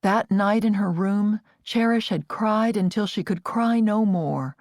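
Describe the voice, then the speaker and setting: A woman narrating an audiobook in an expressive, varied read. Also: mid-range voice, unhurried, no echo, clean studio sound.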